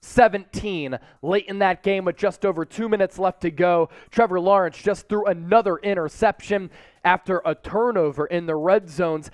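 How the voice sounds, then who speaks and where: High, clear-voiced hype sports host man. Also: normal speed, dry recording. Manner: energetic, hype shout-outs to viewers. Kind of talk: live stream watch party talk. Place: studio.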